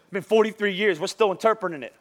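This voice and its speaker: A middle-aged male pastor preaching a lively, joking sermon in church, urging the congregation to repeat lines after him. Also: sits high, fast talker. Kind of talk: lively sermon with call-and-response. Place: church service before a congregation.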